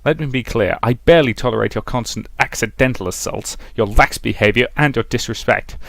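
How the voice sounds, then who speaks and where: A man's voice: medium pitch, fairly quick, creaky, no room sound. A man voicing a stern, contemptuous male major who scolds and mocks a subordinate. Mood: scolding. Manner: scolding, sarcastic, forceful.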